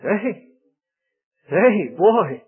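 An older man gives a sermon in a folksy, anecdotal way, his slightly high voice husky at the edges. He slips into the voices of the people in his stories. The sound is narrow and tinny, like an old phone line. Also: very slow. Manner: folksy storytelling, quotes others in lively voices. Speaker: preacher.

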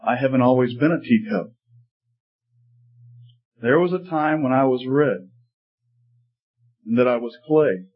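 A man voicing a husky talking teacup. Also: medium pitch, lively intonation, unhurried, long pauses. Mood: earnest. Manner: earnest storytelling, pleading at times. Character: talking teacup, once clay, tested and changed. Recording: slightly muffled recording.

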